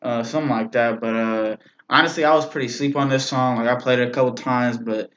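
A man's voice: mid-range voice, a little fast. Slangy young man reacting, lo-fi sound. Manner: slangy, relaxed, repeats "bro" and "man". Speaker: reaction video host. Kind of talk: casual reaction commentary. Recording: dull lo-fi recording. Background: faint rap music playing.

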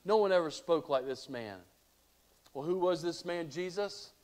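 High-voiced preacher. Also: male voice, normal speed, darkish tone. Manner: earnest preaching with rhetorical questions. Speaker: pastor. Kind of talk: sermon.

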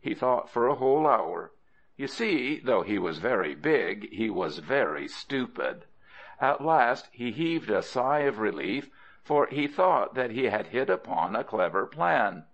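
A man narrating an audiobook of folk tales in an expressive way, speaking directly to the listener. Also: medium pitch, highs cut off. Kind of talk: storybook narration.

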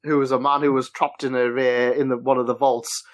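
A man's voice: medium pitch, little pitch movement, brisk. A man hosting a casual podcast chat, hesitant with many restarts. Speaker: podcast host.

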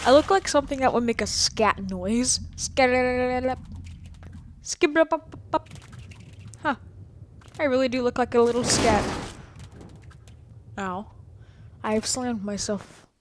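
A woman's voice: fairly high pitch, normal speed, long pauses, slight background noise. A woman casually commenting as she plays a horror game, chatty and giggly, talking to the characters on screen. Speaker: gaming video host. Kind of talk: casual let's-play commentary.

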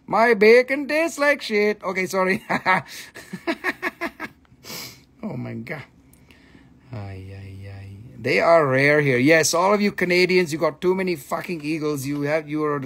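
A man's voice: a little high, vocal fry, breathy edge. A man hosting a live mineral sales stream, chatting casually with viewers and swearing freely while he jokes. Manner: excitable, profane, joking with viewers. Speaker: host selling minerals on a livestream.

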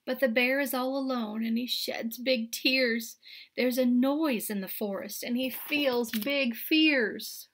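A woman, a kindergarten teacher, reading a picture book aloud to young children, expressive and turning to a hush at the scary moments while asking her listeners questions. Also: on the high side, takes it slowly, slight background noise.

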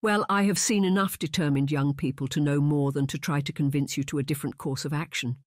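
A gentle, stately old bishop, voiced by the narrator. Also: male voice, on the high side, steady tone, dry recording, studio quality, natural voice. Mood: calm. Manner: soft, measured speech.

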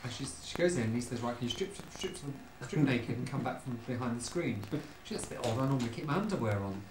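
A speaker telling a joke at home, moving briskly through the story and breaking into laughter. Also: mid-range voice, expressive, roomy sound, background noise. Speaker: joke teller.

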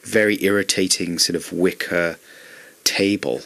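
A middle-aged man telling comic anecdotes as a radio guest, acting out his own shouting. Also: low voice, steady tone, measured pace, vocal fry.

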